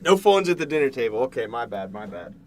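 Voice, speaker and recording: A man from Canada, streaming casually from home while eating, jumping from loud yelps to low mumbles. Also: fast talker, slight background noise. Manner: excitable, jumps to loud yelps then mumbles. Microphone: desk mic, no headset.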